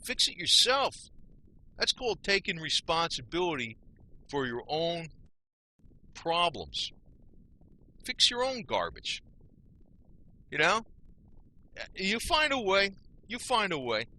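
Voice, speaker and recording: Forceful, sharp-voiced man ranting. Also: sits high, huge pitch swings, takes it slowly, long pauses. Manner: blunt, angry, repetitive; casual slang, frequent "man" and "you know". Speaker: YouTube video maker. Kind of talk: ranting monologue.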